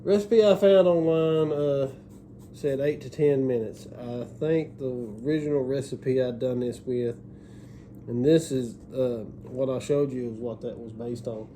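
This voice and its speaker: Man, middle-aged, mellow voice, casual cooking talk, rambling, folksy. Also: mid-range voice, unhurried, a little hiss or hum. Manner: folksy, rambling, repeats himself. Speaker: cooking show host.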